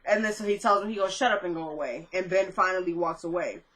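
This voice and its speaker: Woman recapper, bright tone, casual chatty delivery, quotes the characters as she goes. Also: lowish voice, fast, low-quality recording. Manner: chatty, retells scenes with quoted lines and asides. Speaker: recap vlogger.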